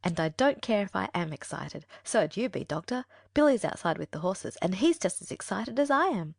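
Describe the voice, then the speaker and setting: A woman plays an overjoyed young girl in a full-cast audiobook, her voice leaping up and down with excitement. The sound is close and dry, with no room around it. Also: medium pitch, normal speed, vocal fry, dry recording. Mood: cheerful. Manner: bubbly, eager.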